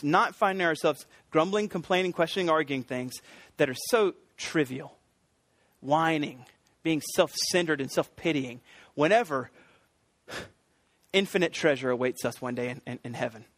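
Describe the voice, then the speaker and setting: A middle-aged man preaching a sermon, earnest and emphatic, building to excited peaks. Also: a little high, dry recording. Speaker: pastor.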